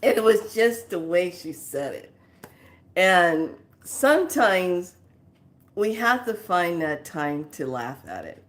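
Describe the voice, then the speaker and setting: A woman's voice: fairly low pitch, very animated, slow. A woman hosting a casual spiritual talk, telling a family story animatedly and laughing often. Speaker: spiritual teacher and host.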